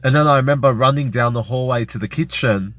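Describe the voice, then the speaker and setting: A man's voice: mid-range voice, fast, fairly bright tone, no echo. A man vlogging, retelling a frightening personal experience in a rambling, emotional way with many fillers. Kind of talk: personal story vlog.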